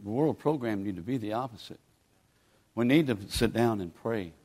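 A man's voice: on the low side, lively intonation, normal speed, darkish tone, breathy edge. A man, preaching a sermon in a folksy, pleading, conversational way as a guest preacher. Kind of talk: sermon with altar call.

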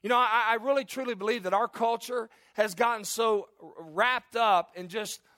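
A man's voice: sits high, moderate pace, pushed and bright, dry recording. A man in his forties preaching an earnest, conversational sermon in a church, often restarting and repeating phrases. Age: 40s. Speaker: pastor.

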